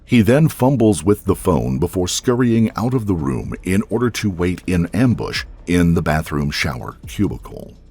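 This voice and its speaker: A man narrating a true-crime story from a script in a measured storytelling delivery. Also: deep voice, sing-song, a little mellow, faint music behind.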